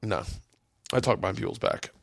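A middle-aged man hosting a podcast, telling comedy stories in a casual, animated way and acting out other people's voices. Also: lowish voice, a little fast, creaky, no room sound, clean studio sound. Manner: animated, swearing, acts out voices in anecdotes. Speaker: podcast host. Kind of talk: casual chat, storytelling.

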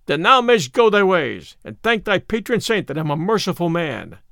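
A stout tanner, blunt and grim, who talks in old-fashioned words, as a male reader puts him on. The voice sits high, and the recording is dry. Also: big pitch swings, normal speed, creaky, a bit bright, no room sound, full character voice. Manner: blunt, grim archaic speech. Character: bold stout tanner, adult man, grim.

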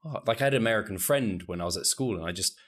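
A man's voice: fairly low pitch, lively intonation, rapid-fire, a bit bright. A British man hosting a podcast interview, easygoing and agreeable, laughing often. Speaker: podcast host. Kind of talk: casual interview conversation.

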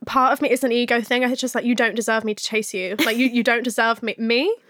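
A woman's voice: a little high, steady tone, quick pace, a bit bright, dry recording, clean studio sound. A woman hosting a podcast, talking frankly in a casual chat, swearing freely and laughing often. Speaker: podcast host.

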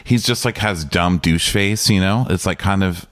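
A man's voice: deep voice, normal speed, no echo, clean studio sound. A man co-hosting a podcast, chatting casually and laughing often. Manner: laughs often, amused, lively delivery. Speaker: podcast co-host. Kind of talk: casual chat.

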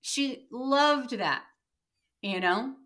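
A woman's voice: high-pitched, lively intonation, drawn-out words, a bit bright. A woman co-hosting a podcast, talking things through thoughtfully in casual chat with hesitant restarts. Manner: thoughtful, hesitant, many fillers. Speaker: podcast co-host.

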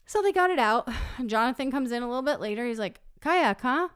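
A woman telling a story in casual chat, animated and laughing often, acting out what people said. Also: a little high, fast, clear, resonant tone.

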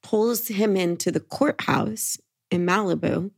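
A woman tells a story on her podcast in a loose, chatty way, stringing quotes together with "he's like" and "she's like." Her voice sits at an ordinary middle pitch. She sounds animated and at ease. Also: a little slow, creaky. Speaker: podcast co-host. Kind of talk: casual storytelling.

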